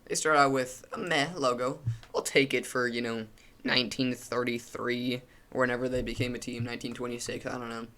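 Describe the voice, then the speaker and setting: A man's voice: medium pitch, level tone, brisk, pushed and bright. A young man giving a casual, opinionated commentary while ranking logos, rambling with frequent restarts and fillers.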